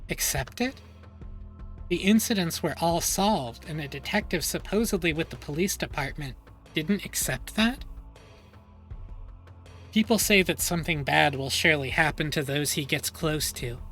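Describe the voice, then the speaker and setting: A woman's voice: deep voice, animated, normal speed, a bit bright, soft background music. A woman streamer reading a visual novel aloud with joking asides.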